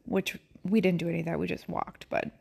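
Woman, middle-aged, podcast host, casual chat, rambling, laughing, dark husky voice. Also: lowish voice, level tone, fairly quick. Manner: chatty and rambling, laughs often, drifts into whispers. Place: at home.

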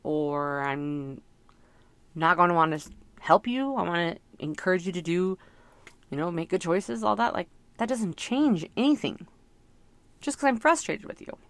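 A woman's voice: lowish voice, lively intonation, moderate pace, a bit bright, dry recording. A middle-aged woman talking through her thoughts in a casual, rambling, reflective monologue, full of fillers. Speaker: parent sharing reflections.

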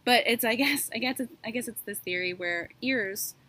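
A woman with a slightly husky, airy voice walks through a true-crime case on a podcast. She is casual and chatty, peppering the story with sarcastic asides and fillers. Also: a little high, normal speed, sharp tone. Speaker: podcast co-host.

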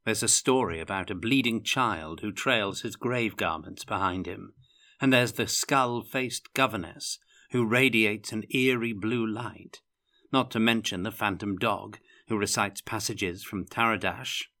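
A man's voice: fairly low pitch, measured pace, sharp tone. A man voicing a genial male prince who tells ghost stories with relish, in an audiobook reading.

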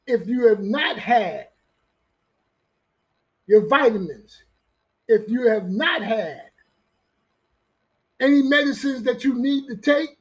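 A man's voice: extremely high pitch, rough recording. A man hosting his own podcast, giving emphatic, repetitive solo sports talk in a preachy, streetwise manner. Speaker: podcast host.

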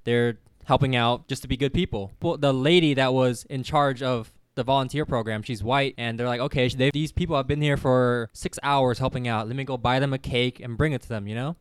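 A man's voice: medium pitch, a little fast, hardly any pauses, clean tone, no room sound, clean studio sound. A young adult man on a casual chat, telling stories animatedly, swearing and acting out quotes. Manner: animated, profane, acts out quotes. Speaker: podcast guest. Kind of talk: casual storytelling.

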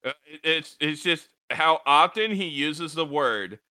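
Exasperated swearing man, lively bright voice. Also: a little high, measured pace, smooth, no echo. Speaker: podcast guest. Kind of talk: casual podcast chat.

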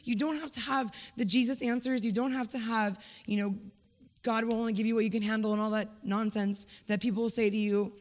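A woman's voice: a little high, a little fast. An earnest woman gives a heartfelt church testimony in a conversational way. Her voice rings with a long hall reverb, as if picked up in a large sanctuary. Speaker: church member sharing a testimony.

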